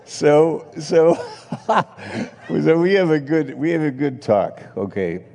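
A man's voice: a little high, sing-song, slow pace, vocal fry, darkish tone, in a large hall. A man preaching a sermon, telling chatty stories with laughs and acted-out quotes. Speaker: pastor. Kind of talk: sermon storytelling.

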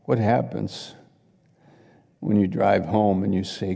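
A middle-aged man preaching a sermon, acting out little scenes and swinging between loud exclamations and quiet asides. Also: lowish voice, fairly even intonation, slow, gravelly, slightly rough. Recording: long hall reverb.

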